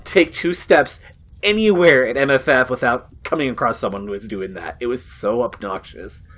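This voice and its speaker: A man's voice: medium pitch, normal speed, a bit bright. A man casually chatting and joking while watching a game being played, swearing freely, laughing often and trailing off into fillers. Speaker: co-commentator on a game playthrough. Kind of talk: casual gaming banter.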